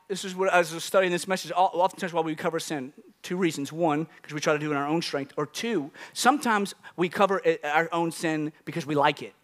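A man preaching a sermon to his congregation, animated and joking with the crowd between points. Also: a little high. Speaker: pastor. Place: church.

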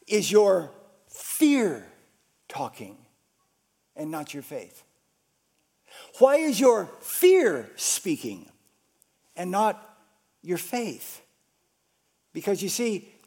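A pastor preaches with a high, highly animated voice that leaps up and drops away. He takes his time, letting words hang. His delivery swings between loud stretches and near-whispers. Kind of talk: sermon.

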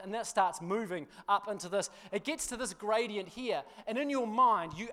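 A man preaching, telling a funny personal story with laughter before turning to a quieter sermon. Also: high voice. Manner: animated storyteller, laughs through the tale, drops quiet for scripture. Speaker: pastor.

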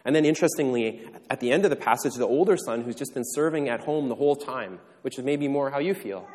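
A mid-pitched man preaches a sermon from the front of a church, teaching in a loose, conversational way that often restarts its sentences. His voice carries a long reverb tail from the large sanctuary around him. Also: a little fast, darkish tone. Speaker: pastor.

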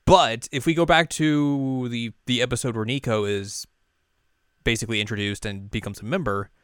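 A young man co-hosting a casual podcast, recapping an anime in a rambling, animated way and now and then jumping into high character voices. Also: moderate pace, smooth, no echo, studio quality. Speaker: podcast co-host.

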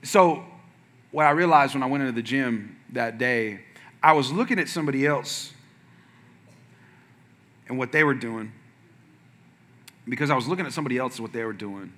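A man preaching as a pastor, telling a funny personal story in a lively way and acting out the other people in it with sudden shouts. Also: mid-range voice, normal speed, long pauses. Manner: animated, acts out quotes with sudden shouts. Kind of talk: humorous sermon storytelling.

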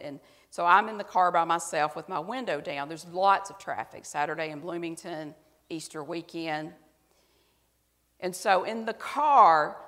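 A woman's voice: low-pitched, fairly bright tone, big-room sound. A woman pastor giving a sermon, speaking to the congregation in a conversational, self-mocking way.

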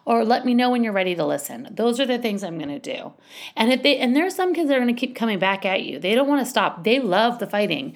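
A woman's voice: fairly high pitch, very animated, fast talker. A woman giving casual parenting advice in a chatty, rambling way, full of asides and restarts. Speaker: parenting coach.

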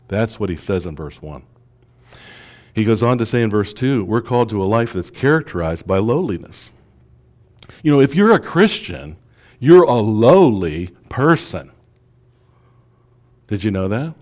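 A man's voice: fairly low pitch, big pitch swings, measured pace, pauses often. Man preaching with rhetorical questions. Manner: rhetorical questions, swings between hushed and emphatic. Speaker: pastor. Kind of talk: sermon.

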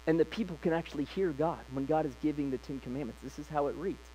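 A man's voice: a little high, fast, dark tone, a little hiss or hum, rough recording. A male pastor preaching a sermon, retelling scripture in a casual, conversational way.

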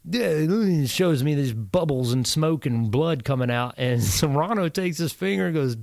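A man's voice: a little high, moderate pace, creaky, no room sound. A combat veteran, a man, telling war stories casually on a podcast, swearing freely and acting out the voices he quotes. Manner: animated storyteller, swears, acts out quoted voices. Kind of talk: casual storytelling. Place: indoor podcast setup.

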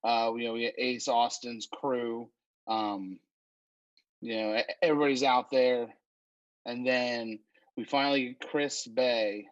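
A man co-hosting a podcast, casually recapping a wrestling show in an unhurried way, with frequent fillers and restarts. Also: mid-range voice, steady tone, dry recording, dull audio.

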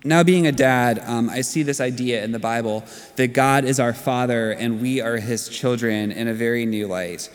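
Man in his 30s, pastor giving a sermon, conversational storyteller, mid-pitched voice, long church reverb. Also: moderate pace, hardly any pauses.

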